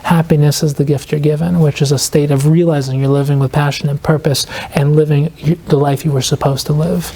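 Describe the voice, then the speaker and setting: Earnest mellow-voiced male author. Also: on the high side, little pitch movement, breathy edge. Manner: earnest, reflective, slows down to stress key points; fills speech with "like" and quoted inner questions. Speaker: author and podcast guest. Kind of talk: explaining ideas in a podcast interview.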